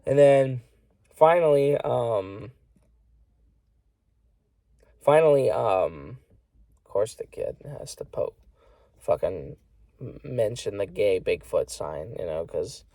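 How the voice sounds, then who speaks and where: A man's voice: on the low side, animated, measured pace, warm tone, dry recording. A man ranting casually on a vlog, rambling and swearing a lot, filling gaps with "you know". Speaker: vlogger. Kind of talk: casual rant to camera.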